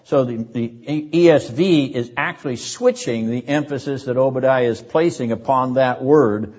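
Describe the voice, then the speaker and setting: An older man teaching a seminary class on scripture, speaking deliberately and emphatically, repeating words for rhythm and often clearing his throat. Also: medium pitch, a little mellow. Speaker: seminary lecturer. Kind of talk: classroom Bible lecture. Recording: dull lo-fi lecture recording.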